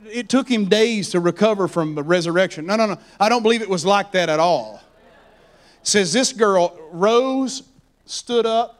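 A male preacher with a notably high voice delivers a dramatic sermon. He drops into hushed, almost whispered asides, then builds to loud and fervent exhortation. His delivery is emphatic and full of swings in intensity.

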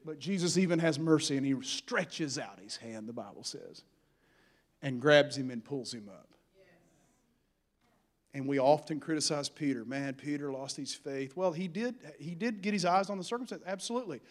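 A man's voice: on the high side, lively intonation, normal speed. A man preaching a sermon as a pastor, in a folksy, humorous style with building fervor.

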